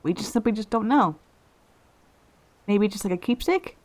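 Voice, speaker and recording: A woman's voice: mid-range voice, expressive, moderate pace, darkish tone. A woman hosting a let's play, musing aloud and speculating in casual gameplay commentary, often restarting her phrases.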